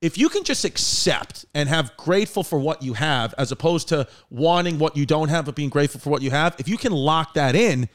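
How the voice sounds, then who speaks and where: A man's voice: a little high, lively intonation, brisk, few pauses. A man in his thirties hosting a podcast, chatting loosely with lots of swearing and laughter. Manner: loose, profane, laughing storyteller. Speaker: podcast host. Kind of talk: casual podcast chat.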